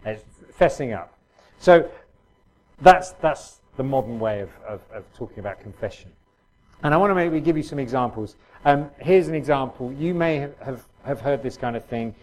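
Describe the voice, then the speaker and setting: A man's voice: mid-range voice, animated, moderate pace, a little mellow, poor audio. A middle-aged man preaching a sermon in a conversational way, full of restarts and fillers.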